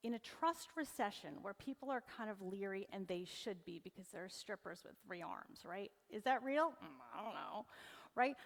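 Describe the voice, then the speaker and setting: Brief: woman, 40s, mid pitch, playful keynote presenter, hall reverb. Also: moderate pace, hardly any pauses. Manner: lively, joking, audience-teasing. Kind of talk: humorous motivational talk. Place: event hall on stage.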